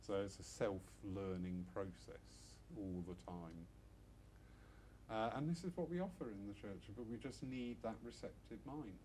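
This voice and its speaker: A man's voice: fairly low pitch, darkish tone, a little hiss or hum. Chatty middle-aged man giving a church talk. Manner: chatty, self-mocking asides, frequent "um". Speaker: church speaker. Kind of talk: informal talk to a small audience.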